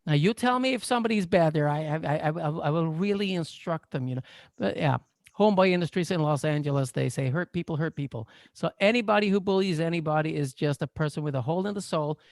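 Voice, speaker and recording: Jokey guy coach on a video call, gravelly voice, dry close sound. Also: on the high side, fast, dry recording. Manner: playful, animated, jokey. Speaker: coach and therapist. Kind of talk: online workshop lecture.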